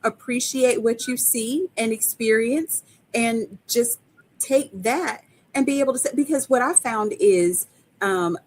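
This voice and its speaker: A woman hosting an interview, warmly affirming her guest and chiming in with agreement. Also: medium pitch. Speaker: host. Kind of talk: conversational interview.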